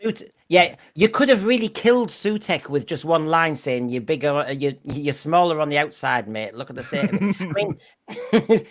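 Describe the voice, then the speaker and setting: Host: man, rambling chat, stumbles and repeats words, pitch jumps around a lot. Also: big pitch swings, moderate pace. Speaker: podcast host. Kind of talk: casual chat.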